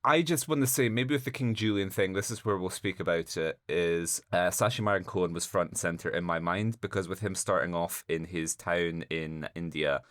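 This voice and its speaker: A man with a low voice talks casually and wryly about a film, rambling and poking fun at himself. The sound is dry and close, with no room around it. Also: normal speed, hardly any pauses, a bit bright, no echo. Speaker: podcast co-host. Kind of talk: casual chat.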